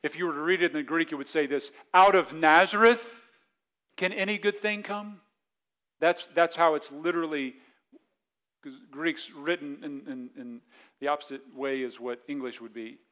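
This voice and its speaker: A male pastor gives a sermon in a loose, conversational manner, often repeating a word while he restarts a thought. His voice sits a bit above the usual male pitch. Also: fairly even intonation, normal speed, fairly bright tone. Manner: conversational preaching, repeats words when restarting.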